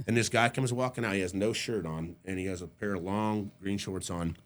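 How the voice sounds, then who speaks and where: A middle-aged man with a fairly low voice tells a story as a guest on a podcast. He talks casually and swears freely. He acts out the people he quotes in quick little voices. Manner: casual and profane.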